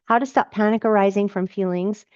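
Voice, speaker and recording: A woman's voice: mid-range voice, fairly even intonation, a little fast, darkish tone, dry recording, lo-fi sound. A woman coach answering viewers' comments in a live Q&A, encouraging and emphatic, repeating her key phrases.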